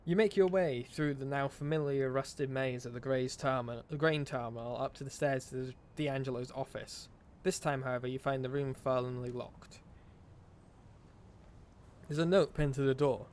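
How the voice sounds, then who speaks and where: A man streaming, reading a game's story aloud with expressive narration and wry asides. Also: medium pitch, moderate pace, slight background noise.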